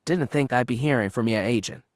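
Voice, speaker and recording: A man's voice: medium pitch, a little fast, no room sound, studio quality, lightly acted. A man voicing a sleazy male traffic controller who talks in a thick oozing drawl, breathing heavily. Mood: leering.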